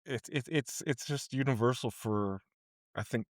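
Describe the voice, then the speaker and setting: A man's voice: mid-range voice, a little slow, dry recording, clean studio sound. A man co-hosting a podcast, speaking thoughtfully and loosely, with many "you know"s. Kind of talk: casual conversation.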